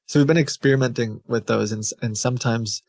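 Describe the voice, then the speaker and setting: Gravelly-voiced man explaining thoughtfully. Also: medium pitch, fast, darkish tone, no room sound, clean studio sound. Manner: thoughtful, hesitant, with restarts. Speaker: guest, scam-baiting creator. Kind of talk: casual explanatory chat.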